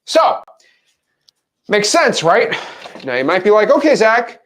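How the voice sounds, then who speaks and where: A man's voice: high voice, takes it slowly. A man coaching viewers on real estate wholesaling in a casual teaching monologue, acting out example phone calls. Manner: animated, acts out scenes.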